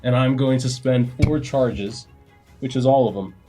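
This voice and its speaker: A man's voice: mid-range voice, soft background music. A man playing a tabletop game, declaring his character's actions and laughing easily. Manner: slow, lively, laughing easily. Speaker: player.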